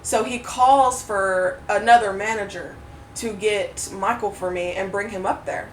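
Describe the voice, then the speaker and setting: A woman co-hosting a podcast, telling a story in a casual, animated way, swearing freely and acting out what others said. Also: mid-range voice, measured pace. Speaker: podcast co-host. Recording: roomy echo, mic at a distance, faint noise.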